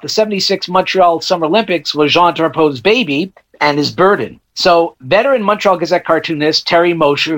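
A man, a book reviewer on a radio show, talks in a chatty, storytelling way. His voice sits a little high, and he trips on a word now and then. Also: a bit bright. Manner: chatty, storytelling, with small slips and restarts. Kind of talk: conversational book segment.

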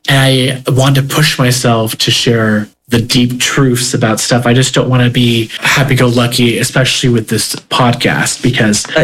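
A man's voice: mid-range voice, a bit bright, low-quality recording. A man hosting a podcast, talking earnestly and reflectively about emotions while reacting to a show. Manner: earnest, self-reflective, talks through feelings. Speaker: podcast host reacting to a TV episode. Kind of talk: casual reflective commentary.

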